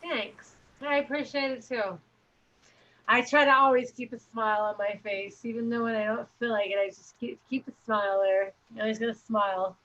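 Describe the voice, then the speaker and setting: A woman's voice: a little high, steady tone, normal speed, a bit bright, muffled recording. A woman guesting on a casual podcast, bubbly and giggly, often tripping over her words. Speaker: podcast guest, cannabis grower.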